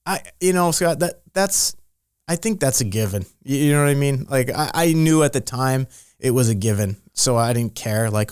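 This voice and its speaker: A man's voice: medium pitch, lively intonation, moderate pace, darkish tone, clear, resonant tone, no room sound, studio quality. A middle-aged man, a strength and conditioning coach, talking in a casual interview, rambling with many restarts and telling stories with animation. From Rhode Island.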